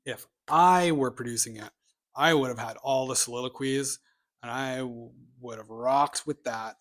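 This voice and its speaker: A man's voice: medium pitch, moderate pace, a bit bright. Male vlogger, mid-range voice, casual bookshelf chat, opinionated and rambling with offhand asides. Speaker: booktube vlogger.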